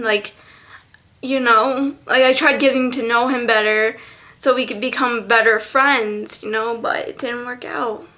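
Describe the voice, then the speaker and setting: A teenage girl vlogging a tribute to a lost friend, halting and close to tears, with many fillers. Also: on the high side, steady tone. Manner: halting, soft, full of fillers. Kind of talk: tearful memorial vlog.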